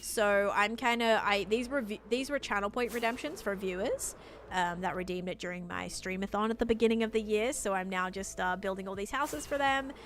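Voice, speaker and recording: A woman's voice: medium pitch, fairly quick, fairly bright tone, slight background noise. A woman with an Australian accent, live-streaming a building game and chatting casually with her viewers as she plays. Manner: chatty, talks to chat while building. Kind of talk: casual live-stream chat while playing.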